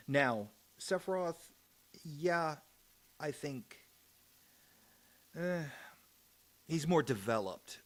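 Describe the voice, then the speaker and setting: A man's voice: a little high, expressive, extremely slow, pauses often. A young man streaming a game, chatting casually about it and often restarting his sentences midway.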